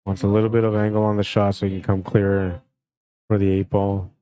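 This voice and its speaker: Relaxed man calling pool. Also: on the low side, fairly quick. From Canada. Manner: relaxed, friendly, reads out chat comments between shots. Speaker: pool tournament commentator and streamer. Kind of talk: live play-by-play commentary.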